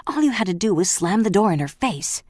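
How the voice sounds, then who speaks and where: Wealthy, hot-tempered man who shouts commands, voiced by a woman narrator; deep voice, dry recording. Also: moderate pace, dry recording. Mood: angry.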